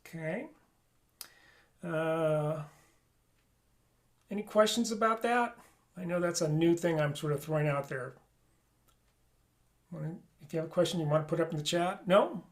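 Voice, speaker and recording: A man's voice: on the high side, normal speed, long pauses. A man teaching an online flute lesson, explaining articulation and singing rhythms on syllables.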